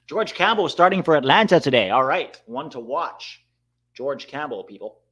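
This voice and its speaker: A man hosting a live watchalong, reacting excitedly to the match and chatting to his viewers. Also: medium pitch, measured pace. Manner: excitable, bursts out at big moments, talks to chat. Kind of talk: live match commentary and chat.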